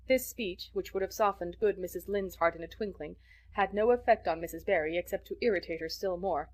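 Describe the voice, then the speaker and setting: A woman narrating a classic novel as an audiobook, measured and expressive. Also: fairly low pitch. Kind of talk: scripted narration.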